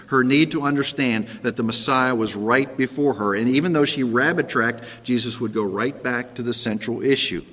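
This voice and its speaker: A man's voice: fairly bright tone, in a large hall. A man preaching a sermon in a conversational way, checking in with "okay?" and sometimes acting out the quoted characters. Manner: acts out Pilate's sarcastic lines in a higher voice. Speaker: pastor.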